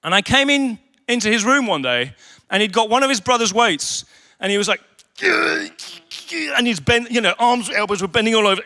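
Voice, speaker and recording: At a leaders' conference venue, a male speaker preaches a sermon full of humorous stories, animatedly acting out the voices of the people he quotes. His voice is extremely high-pitched with vocal fry, at a moderate pace.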